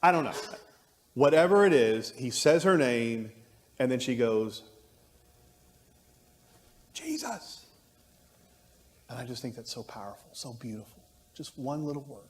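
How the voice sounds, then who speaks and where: A man's voice: medium pitch, normal speed. A man teaching an adult Bible class, musing aloud and thinking through his points with frequent restarts. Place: church classroom. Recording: long reverb of a church room.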